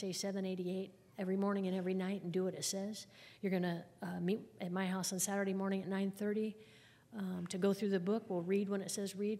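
A woman's voice: medium pitch, dark tone. A woman telling her personal recovery story to a group at a meeting, candid and conversational, with wry humor. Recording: long hall reverb.

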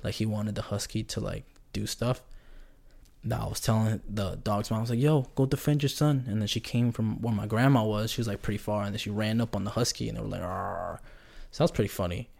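A man's voice: lowish voice, little pitch movement, fast talker, creaky, darkish tone. A man hosting a casual solo podcast, rambling and joking in a slangy way. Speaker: podcast host.

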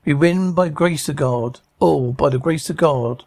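A man's voice: a little high, unhurried, vocal fry, darkish tone, dry recording. An actor playing a resolute male knight commander who rallies his men with a commanding, solemn speech. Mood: solemn, rousing. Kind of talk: televised period drama acting.

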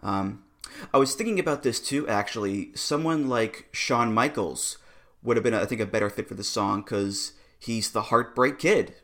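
A man's voice: fairly low pitch, normal speed, fairly bright tone. A man co-hosting a podcast, chatting casually and with amusement, laughing often and restarting his sentences. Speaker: podcast co-host. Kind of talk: casual review chat.

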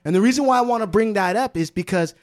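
A man's voice: high-pitched, quick pace. A man from the United States hosting a podcast, who chimes in with short remarks and then holds forth at length. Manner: interjects, then lectures at length. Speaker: podcast host. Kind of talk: casual chat.

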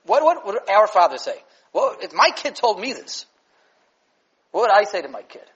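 A man teaching a Torah lesson as a rabbi, lively and full of fillers and restarts. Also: high voice, normal speed, husky, lo-fi sound. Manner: animated, with many fillers and restarts.

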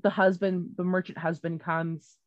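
A woman's voice: lowish voice, flat delivery, normal speed, dry recording, muffled recording. A woman retelling a story in casual chat, rambling and swearing freely, with many fillers and restarts.

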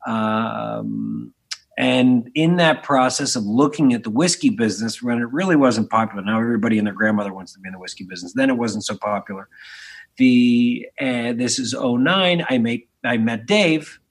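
A man's voice: medium pitch, lively intonation, moderate pace, vocal fry, breathy edge. A man in his forties from Philadelphia, telling stories casually and animatedly in an interview, with lots of restarts and the odd swear word. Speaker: podcast guest, spirits entrepreneur.

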